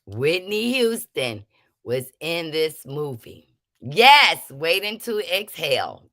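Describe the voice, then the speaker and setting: List: woman, livestream quiz host, casual chat, lively swooping pitch, bright voice. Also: dry recording, clean studio sound. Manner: animated, laughing, drawn-out speech.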